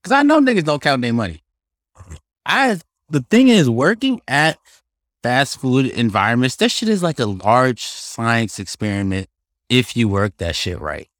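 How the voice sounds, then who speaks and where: A young man hosting a casual solo podcast, telling stories in an animated, profane, slang-heavy way. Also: medium pitch, unhurried, no room sound, clean studio sound. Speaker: podcast host.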